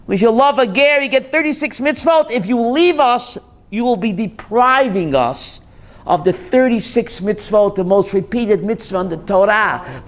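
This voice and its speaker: Rabbi guy teaching torah class, high voice, swoops all over, cracks jokes at the crowd. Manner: joking, quizzes the audience. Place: class with a live audience.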